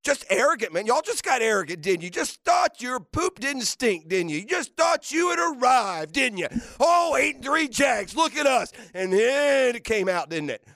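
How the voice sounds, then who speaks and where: A man hosting sports radio, delivering a fiery, mocking rant with shouted bursts. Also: very high-pitched, sing-song, normal speed, few pauses, no echo, clean studio sound. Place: radio studio.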